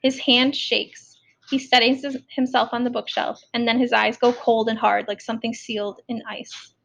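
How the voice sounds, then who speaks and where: A woman narrating an audiobook in the first person, in an even, measured storytelling manner. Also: a little high, gravelly, lo-fi sound.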